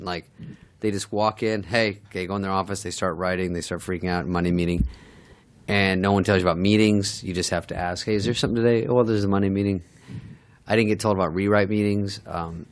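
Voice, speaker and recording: Dry, wry middle-aged male comedian. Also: lowish voice. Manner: dry, wry, self-deprecating. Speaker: guest comedian. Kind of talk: casual storytelling with acted quotes.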